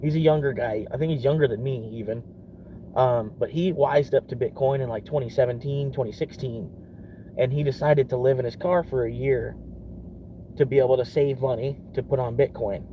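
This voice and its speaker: A man's voice: medium pitch, fairly even intonation, brisk, noisy background. A young man from Florida in a casual rambling vlog, swearing often and laughing between thoughts. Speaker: vlogger.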